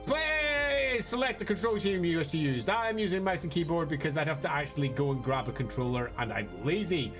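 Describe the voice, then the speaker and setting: A man's voice: a little high, lively intonation, brisk, few pauses. A man casually commenting on a game live stream, chatty and self-mocking. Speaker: streamer playing a video game. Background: faint game music.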